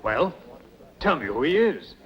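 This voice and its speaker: An actor playing a haughty, worldly Egyptian pharaoh who speaks in a grand, mocking, commanding way. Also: male voice, fairly high pitch, very animated, a little slow, fairly bright tone, muffled recording.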